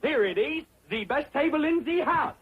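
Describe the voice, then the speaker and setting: An actor playing a dim-witted, boastful young country bumpkin with a drawl, goofy and excitable, in 1960s sitcom style. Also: male voice, very high-pitched, moderate pace, heavy background noise. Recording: lo-fi 1960s TV audio with laugh track.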